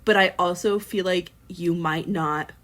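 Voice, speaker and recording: A woman's voice: fairly low pitch, steady tone, unhurried, a bit bright. A woman co-hosting a podcast in casual chat, rambling with many fillers and restarts. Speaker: podcast co-host.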